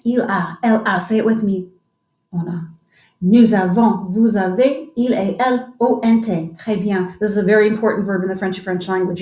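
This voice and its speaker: A woman's voice: mid-range voice, a little mellow, echoey room, poor audio. A woman teaching French grammar to a class, upbeat and coaxing, drilling students with call-and-response prompts.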